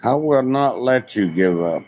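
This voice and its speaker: A man's voice: mid-range voice, expressive, measured pace, lo-fi sound. A man, a guest on a stream, joking bluntly. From West Virginia. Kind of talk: casual chat.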